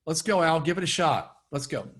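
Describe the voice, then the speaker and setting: A fairly high-voiced man runs a remote training session over a video call. He coaches his trainees in an upbeat voice and keeps pushing them to go bigger. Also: lively intonation, a little fast, a bit bright. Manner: upbeat coaching, urging participants on. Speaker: sales trainer. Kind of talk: live online training session.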